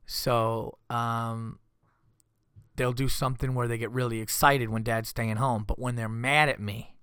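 A man's voice: medium pitch, level tone, a little slow, a bit bright, clean tone, no room sound, studio quality. A father hosting a podcast, telling rambling comedic stories in casual chat and acting out his family's quoted lines. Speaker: podcast host.

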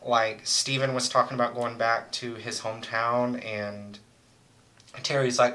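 Young male co-host, loose and crude storyteller, bright edge to the voice. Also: medium pitch, little pitch movement, unhurried, rough recording. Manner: rambling, crude, joking storyteller. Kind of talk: casual chat.

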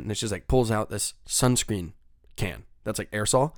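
Gravelly young man telling a rambling story. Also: lowish voice, fairly quick, dry recording, clean studio sound. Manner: rambling, profane, lots of filler likes. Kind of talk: casual spoken story.

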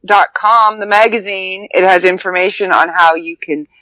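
A woman's voice: mid-range voice, steady tone, normal speed, bright, forceful tone, no echo, poor audio. A woman co-hosting a podcast in a casual, blunt and joking way, swearing freely. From Canada. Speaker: podcast co-host.

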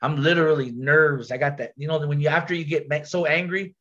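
A man telling a story on a podcast in a casual, animated way, full of slang, repeats and restarts. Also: fairly high pitch, quick pace, muffled recording.

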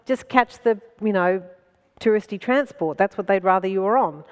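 A woman's voice: mid-range voice, moderate pace, clear, resonant tone, in a large hall. A middle-aged woman telling self-mocking comic stories at a festival talk, often laughing through her lines. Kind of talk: comic storytelling to a live audience. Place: festival stage before an audience.

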